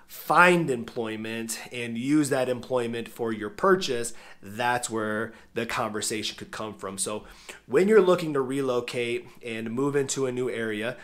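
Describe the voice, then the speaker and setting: A man's voice: mid-range voice, a bit bright. A man hosting a casual vlog, talking straight to his viewers in a friendly, informal way, with a nasal, congested voice from a cold. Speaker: vlog host.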